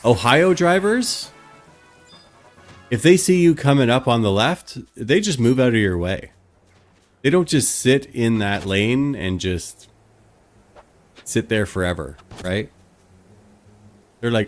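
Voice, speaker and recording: A man's voice: medium pitch, animated, slow pace, long pauses, soft background music. A man, chatting casually with his live stream viewers and rambling through stories with plenty of fillers. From Canada.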